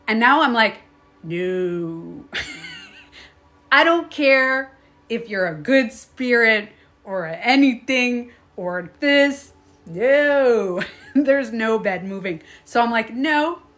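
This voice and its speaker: A woman's voice: on the high side, fairly bright tone. A middle-aged woman hosting a live stream, telling a story casually, laughing often and acting out her own reactions.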